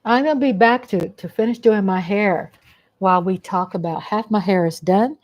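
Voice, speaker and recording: A woman's voice: mid-range voice, normal speed, darkish tone. A woman hosting a casual home livestream, chatting in a rambling way. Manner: chatty, rambling, coos baby talk to her cat. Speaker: livestream host.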